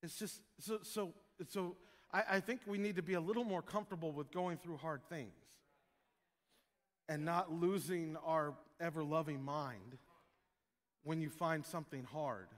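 A man preaching a sermon as pastor, joking with his congregation and breaking into loud shouted prayers. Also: fairly high pitch, measured pace, long reverb tail.

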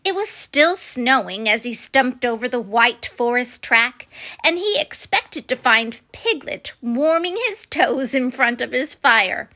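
A woman reading a children's storybook aloud in a soft, gentle and friendly way. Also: fairly high pitch, expressive, measured pace.

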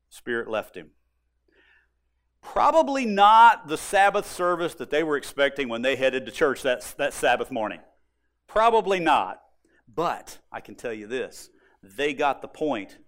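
A male pastor preaching a sermon, emphatic and expressive, building points by repetition. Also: on the high side, moderate pace.

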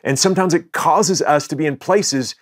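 A man's voice: on the high side, normal speed, no echo, studio quality. A man preaching a sermon as the pastor, in a conversational style with frequent restarts and asides to the congregation.

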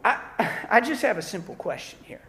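Bright-voiced pastor preaching in an echoing church. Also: male voice, high-pitched, brisk, gravelly. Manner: conversational preaching with animated quoted voices. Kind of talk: sermon. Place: church worship service. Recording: roomy church hall.

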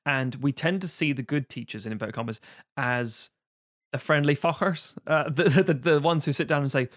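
A man co-hosting a casual film discussion, animated, swearing freely and laughing often. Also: a little high, moderate pace, dry recording, clean studio sound.

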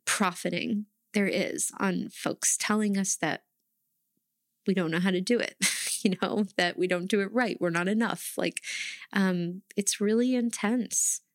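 A woman's voice: mid-range voice, measured pace, dry recording. A woman talks through tarot and intuition in a loose, earnest teaching style. She leans hard on key points, swears casually and plays out inner voices. Her voice sits mid-range and sounds dry and close. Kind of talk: casual spiritual teaching talk.

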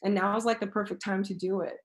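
Brief: candid woman guest, mid-pitched voice, earnest and frank, casual swearing, easy laughs. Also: steady tone, fast talker, poor audio. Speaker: teacher, podcast guest. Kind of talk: casual, candid interview talk.

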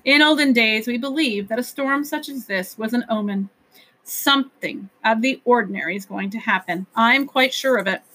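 A woman voicing a loyal, solemn male creature servant in a storybook reading, speaking with restrained excitement. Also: fairly high pitch, moderate pace, low-quality recording. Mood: earnest.

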